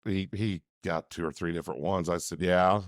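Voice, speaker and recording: A male co-host with a lowish voice, close and dry on the mic. He spins folksy anecdotes, playing out each side of the conversation as he goes. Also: fairly even intonation, moderate pace, no echo. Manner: folksy anecdote teller who acts out dialogue. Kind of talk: casual talk show chat.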